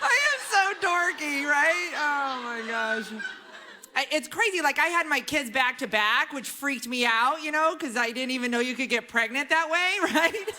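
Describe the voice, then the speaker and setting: A woman in her thirties doing a chatty, animated stand-up set on a club stage, often tagging lines with "right?". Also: sits high, moderate pace. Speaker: stand-up comedian. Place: comedy club stage with a live audience.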